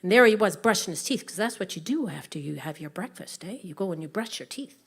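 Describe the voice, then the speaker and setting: A woman telling a story to families, animated, swinging between whispers and loud calls. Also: on the low side, fast, husky.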